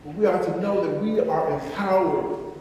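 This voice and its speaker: A man's voice: sits high, moderate pace, dark tone, a little hiss or hum. A man preaching a sermon as pastor, emphatic and repetitive, in a large church. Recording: echoey church hall from far off.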